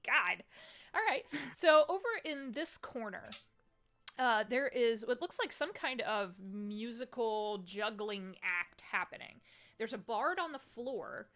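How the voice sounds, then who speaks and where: A woman's voice: on the high side, expressive, slow, a bit bright. A woman running a tabletop game as game master, describing scenes in a chatty, descriptive way with many fillers.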